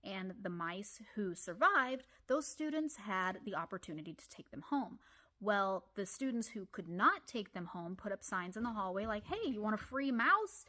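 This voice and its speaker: A woman with an Ozarks accent telling comic personal stories, animated with deadpan asides. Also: mid-range voice, normal speed. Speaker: storyteller. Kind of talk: comedic personal storytelling.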